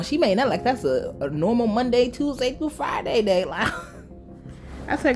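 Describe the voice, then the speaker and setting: A woman giving a casual, profane recap of a show, animated and laughing as she acts out the characters' lines. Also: on the high side, moderate pace, pauses often, faint music behind.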